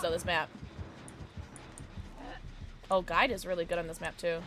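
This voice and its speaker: A woman streamer chatting casually during a gameplay livestream, reacting loudly and reading chat aloud. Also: on the low side, unhurried, a crowd in the background. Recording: steady background noise.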